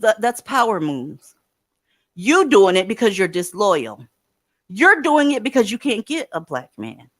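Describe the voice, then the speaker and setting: A woman's voice: medium pitch, dry recording, clean studio sound. Blunt, profane woman streamer. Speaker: livestream host. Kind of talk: blunt commentary and advice to callers.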